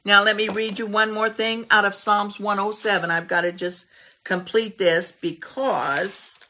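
A woman's voice: mid-range voice, steady tone, measured pace, pushed and bright. A woman preaching a fervent sermon in church, reading scripture aloud with swelling emphasis.

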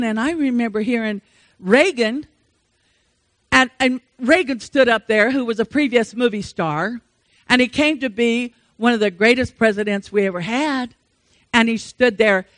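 An older woman delivers a sermon at a slow, deliberate pace, pressing her points with rhetorical questions. Her voice is bright and edged, swelling loud and then dropping soft. The sound is dry and close. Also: on the high side, dry recording. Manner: emphatic, rhetorical questions, swings between loud rises and soft drops. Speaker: preacher.

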